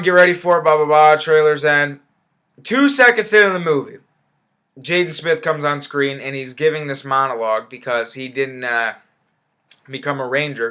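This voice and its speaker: A man's voice: medium pitch, sharp tone, clean tone. Blunt, sarcastic young man reviewing a film. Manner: blunt, sarcastic, swears freely; rambling retelling with fillers and restarts. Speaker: movie reviewer. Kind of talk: casual spoken review.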